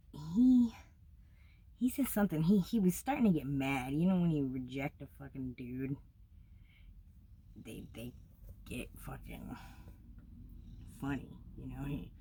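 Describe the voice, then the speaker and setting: A young woman telling a story of her travels in a casual, blunt, heavily profane way, getting animated as she relives it. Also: sits low, slow pace, pauses often, slight background noise.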